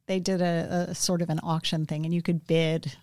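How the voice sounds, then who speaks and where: A woman being interviewed about her gallery and theater work, speaking in a thoughtful, measured way with some fillers. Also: lowish voice, flat delivery, a little mellow, dry recording, clean studio sound. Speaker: interview guest, gallery director. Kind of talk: casual conversation.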